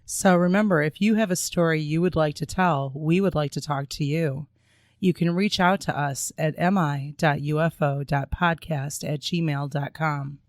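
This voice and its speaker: Hoarse, raspy woman co-host. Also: deep voice, steady tone, moderate pace, no room sound, studio quality. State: hoarse from a sinus infection. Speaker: podcast co-host. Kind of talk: casual podcast chat.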